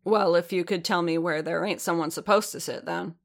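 A woman voicing a resentful young working-class man who answers roughly in clipped words. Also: on the low side, steady tone, brisk. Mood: curt.

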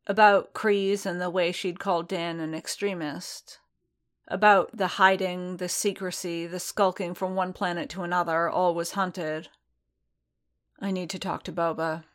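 A woman reads a piece of fiction aloud in a calm, measured way. Her voice sits a little low, and she takes her time over each sentence. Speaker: reader.

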